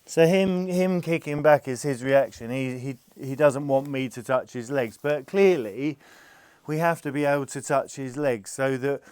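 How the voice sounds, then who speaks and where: A calm, gentle man explaining how he gets a nervous horse used to having its legs touched, talking patiently as he works. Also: mid-range voice, normal speed, smooth, dry recording. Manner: calm, gentle, patient, soothing the animal softly. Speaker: farm animal carer. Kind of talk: explaining while handling a horse.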